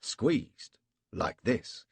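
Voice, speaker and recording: A man voicing a brash young British officer, a cad who talks in a blustering, gruff way. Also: extremely slow, no room sound. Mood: exasperated.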